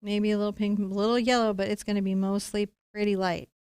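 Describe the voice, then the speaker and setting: A woman's voice: mid-range voice, flat delivery, fast talker, darkish tone, smooth, dry recording, studio quality. A woman leading a live-streamed painting lesson, talking playfully and encouragingly straight to her viewers. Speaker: painting instructor.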